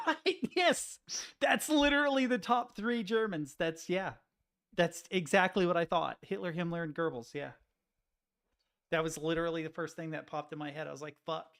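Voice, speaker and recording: A man's voice: a little high, moderate pace, creaky, a bit bright. A man chatting casually with his live-stream chat, joking, laughing often and rambling through self-interruptions. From United States.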